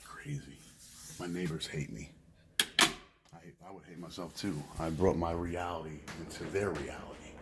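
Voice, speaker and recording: A man's voice: deep voice, fairly even intonation, unhurried, very noisy. A man talking candidly and at length in a casual vlog, rambling and confessional.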